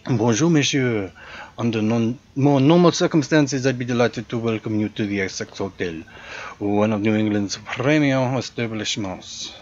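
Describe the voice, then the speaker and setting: A man's voice: mid-range voice, normal speed, a little mellow, highs cut off, natural voice. A man voicing a fussy, proud male French hotel concierge in a put-on French accent, polite and theatrical, with a gleefully morbid edge. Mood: formal, theatrical.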